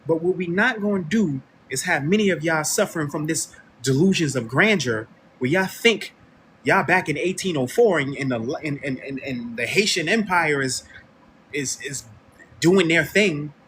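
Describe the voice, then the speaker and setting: A man from the United States hosts an online radio talk show. His delivery is a heated, preachy rant aimed straight at his audience, in a fairly high voice that leaps around with lively swings in pitch. Faint noise sits under the recording. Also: moderate pace. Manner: confrontational, preachy, addresses listeners directly. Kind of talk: heated commentary monologue.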